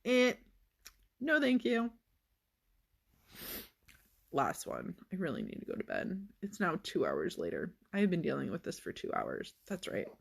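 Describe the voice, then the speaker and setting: A woman talks straight to her viewers in a loose, unscripted vlog. Her voice is gravelly with a lot of fry. She tells the story with a sarcastic, exasperated edge. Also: fairly low pitch, huge pitch swings, measured pace, long pauses. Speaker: vlogger. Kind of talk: casual vlog monologue.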